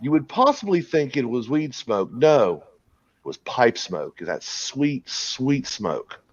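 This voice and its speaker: A man's voice: medium pitch, big pitch swings, takes it slowly, no room sound. Male host, casual crude storytelling, rambling delivery, dull lo-fi recording. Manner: rambling, crude, laughing at his own story. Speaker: podcast host telling a story. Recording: dull lo-fi sound, dry.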